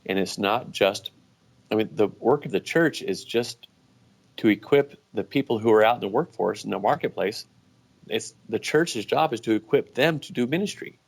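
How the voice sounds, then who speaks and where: Man, low voice, gravelly, relaxed anecdotal storytelling, casual interview guest. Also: moderate pace. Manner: relaxed, anecdotal, many restarts. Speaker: guest, business owner.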